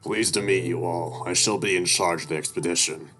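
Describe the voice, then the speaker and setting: A man voicing a huge, stern stallion who leads an expedition, with a rich, deep, cut-glass posh delivery and a formal, clipped manner. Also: fairly even intonation, brisk, close to an everyday voice.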